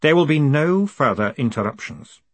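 A man reading the part of a calm, quietly menacing male tyrant ruler in an audiobook, speaking slowly and deliberately. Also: fairly high pitch, no room sound, voice pushed up. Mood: cold menace. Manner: slow, measured, quietly menacing.

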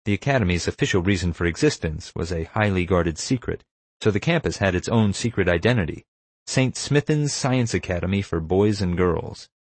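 A man narrates a first-person adventure story in a steady, measured delivery. His voice is low and sits deep in his chest. The recording is dry and close, with no room sound at all. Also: slightly rough, no echo. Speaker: audiobook narrator.

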